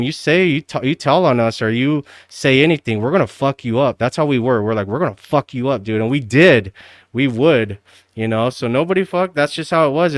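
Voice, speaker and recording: A man's voice: medium pitch, smooth, dry recording, clean studio sound. A man livestreaming, chatting casually and rambling, swearing a lot and calling everyone "dude". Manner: rambling, profane, says "dude" constantly.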